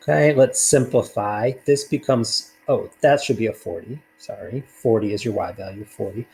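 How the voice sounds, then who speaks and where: A man's voice: lowish voice, moderate pace, vocal fry, darkish tone, soft background music, poor audio. A man teaching a recorded math lesson, talking casually through worked problems with fillers along the way.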